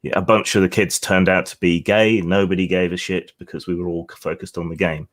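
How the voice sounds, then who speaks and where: Deep-voiced man. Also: flat delivery, brisk. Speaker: co-host. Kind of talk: casual discussion podcast.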